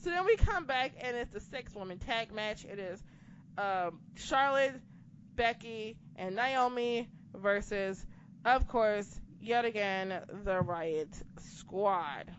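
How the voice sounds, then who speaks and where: A woman's voice: mid-range voice, takes it slowly. A woman co-hosting a podcast, chatting casually through a wrestling recap with sarcastic, profane asides. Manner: profane, sarcastic, animated retelling. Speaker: podcast co-host. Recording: dull lo-fi sound with background noise.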